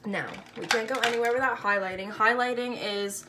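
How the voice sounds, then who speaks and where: A woman's voice: a little high, steady tone, a little fast, bright, forceful tone, slight background noise. A woman casually talking through a makeup tutorial, chatty and playful with slangy asides.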